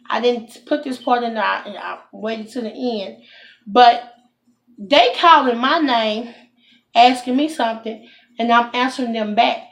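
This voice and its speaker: A woman telling a storytime to her viewers, animated and indignant, calling them y'all. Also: fairly high pitch, creaky. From Texas. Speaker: vlogger. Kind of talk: casual storytime talk to camera.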